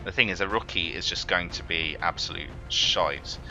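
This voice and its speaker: A man's voice: sits low, normal speed, sharp tone, soft background music. A man commentating his own strategy game run, swearing and prone to exasperated outbursts. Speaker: gaming let's player. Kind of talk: let's play commentary.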